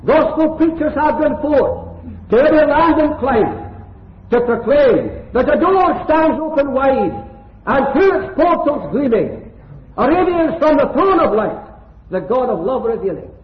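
A man's voice: extremely high pitch, big pitch swings, a little slow. An older man from Scotland preaching a gospel hall sermon, fervent and rhythmic, with repeated phrases. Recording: echoey hall over a tinny lo-fi line.

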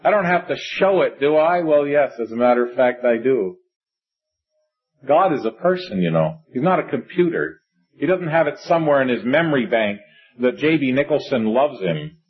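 A man's voice: mid-range voice, expressive, normal speed, breathy edge. A middle-aged man preaching a sermon, reading scripture in old-fashioned wording and breaking into earnest conversational asides. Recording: dull lo-fi recording.

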